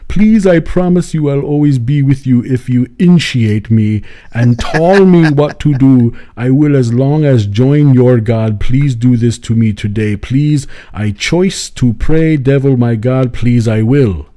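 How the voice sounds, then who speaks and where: A man's voice: medium pitch, dark tone, lightly acted. A man putting on the voice of an eager young man who pleads in broken English to be let in. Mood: pleading. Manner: slow, insistent pleading.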